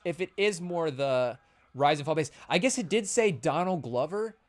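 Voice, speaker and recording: A man with a high voice hosts a casual podcast, riffing loosely and calling out to his chat. He wanders through his thoughts, trailing off and restarting as he hunts for words. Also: expressive, normal speed. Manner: rambling, with fillers and restarts, addressing the chat. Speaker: podcast host.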